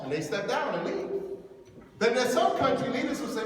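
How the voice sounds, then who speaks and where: High-voiced man lecturing in an echoey hall. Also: normal speed. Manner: animated, acts out quoted voices. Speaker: imam giving a youth lecture. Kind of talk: lively motivational lecture. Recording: echoey hall from far off, faint noise.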